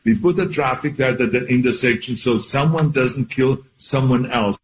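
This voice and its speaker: A man's voice: mid-range voice, moderate pace, slight background noise, rough recording. Austrian-accented man, blunt and emphatic, video-call clip audio, mid-range voice. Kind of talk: impassioned remarks on a call.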